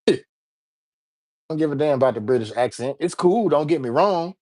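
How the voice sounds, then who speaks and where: A man's voice: fairly high pitch, animated, moderate pace, darkish tone. Laid-back American man chatting on a stream. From United States. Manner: laid-back, slangy, rambling. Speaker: livestream host. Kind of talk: casual livestream chat.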